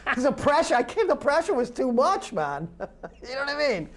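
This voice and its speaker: A woman's voice: high-pitched, very animated, a little fast, a little hiss or hum. A woman from New York co-hosting a casual podcast, ranting emphatically with heavy swearing and many restarts. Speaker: podcast co-host. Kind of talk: casual chat.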